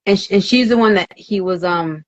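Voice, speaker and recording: A woman's voice: mid-range voice, brisk. A woman guest on a podcast, talking casually and hesitantly, often stammering and agreeing. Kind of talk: casual chat. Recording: dull dry sound.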